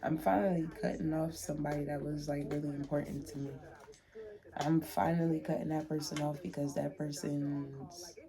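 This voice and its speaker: A woman's voice: low voice, steady tone, moderate pace, crowd noise. A young woman talking to the camera from her room in a heartfelt, chatty vlog, repeating herself as she speaks. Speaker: vlogger. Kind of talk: emotional casual vlog to camera.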